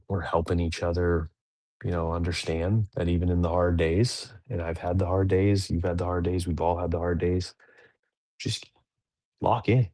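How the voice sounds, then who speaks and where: A man's voice: deep voice, darkish tone, no room sound. A man in his thirties hosting a dads' podcast, talking through a daily reading in a rambling, self-correcting way. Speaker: podcast host. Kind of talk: casual reflective chat.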